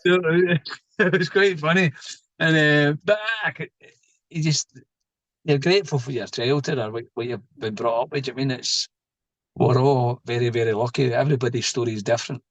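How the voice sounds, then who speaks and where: A man's voice: mid-range voice, fairly even intonation, normal speed, no echo, dull audio. A middle-aged man, a podcast guest telling stories in a casual, joking way and laughing at his own tales. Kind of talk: casual storytelling interview.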